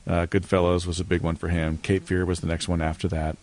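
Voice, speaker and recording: A man's voice: low voice, level tone, quick pace, darkish tone. A man co-hosting a casual podcast, chatting loosely about films with frequent laughs. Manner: rambling, laughs often. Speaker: podcast co-host. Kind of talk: casual chat.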